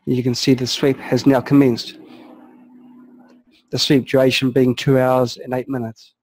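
A man calmly narrating a software walkthrough step by step, explaining each setting as he clicks through it. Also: medium pitch, measured pace, poor audio. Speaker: software tutorial presenter. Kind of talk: screen-recorded software walkthrough.

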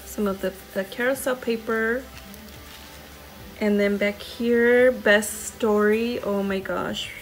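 Slow-talking woman gushing over craft mail. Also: mid-range voice, faint music behind. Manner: gushing, excited exclamations. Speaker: crafting channel host. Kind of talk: unboxing happy mail.

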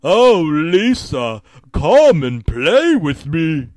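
A man voicing a demented, demonic male cartoon villain in a creepy story reading, drawing out each menacing word slowly. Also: mid-range voice, big pitch swings, a little mellow, no room sound. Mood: taunting. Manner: slow, drawn-out menacing delivery.

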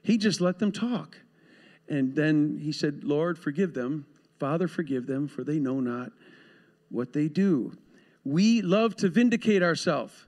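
A man with a notably high voice delivers a sermon to his congregation. His style is conversational, with quick asides and little acted exchanges. He sounds recorded in a church sanctuary. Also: darkish tone. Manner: conversational preaching with asides and laughs. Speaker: pastor.

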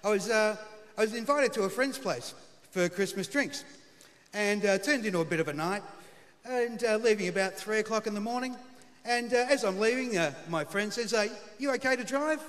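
A middle-aged Australian comedian tells a comic story on a large live television stage before an audience, laconic and driving toward punchlines. His voice sits high, slightly bright, at a moderate pace. Long hall reverb and faint crowd noise fill the recording.

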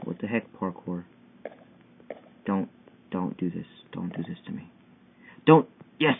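A young man giving excitable, frustrated commentary while playing a parkour game, yelping at each failed jump. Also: deep voice, unhurried, creaky. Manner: excitable, yelping and whining at failures. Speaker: gamer. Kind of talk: gameplay commentary. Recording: tinny phone-like mic with faint hiss.

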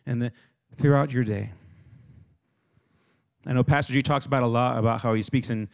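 A man preaching a lively youth sermon who acts out everyday scenes and has the crowd repeat words after him. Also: mid-range voice, moderate pace, gravelly. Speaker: youth speaker.

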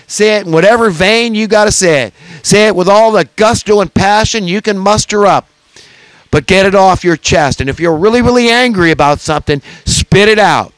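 A man's voice: on the high side, clear, resonant tone, no echo, low-quality recording. Fervent preachy man. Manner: preachy, repeats "okay?", fervent. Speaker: commentator. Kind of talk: impassioned monologue.

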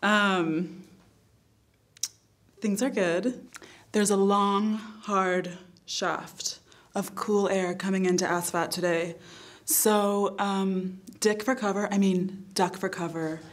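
A woman gives a jokey improvised weather report. She talks hesitantly and giggles, with plenty of fillers, and her voice sits at an ordinary middle pitch. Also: fairly even intonation, takes it slowly. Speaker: comedic weather presenter.

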